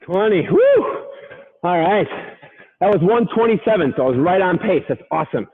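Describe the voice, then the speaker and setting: A man leads a live workout with a high, bright voice, counting reps and cheering the listener on. He gets winded between rounds. The sound is thin and tinny, like a phone line. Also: expressive, a little fast, breathy edge. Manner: upbeat, counting reps and urging on. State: out of breath at times. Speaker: fitness coach.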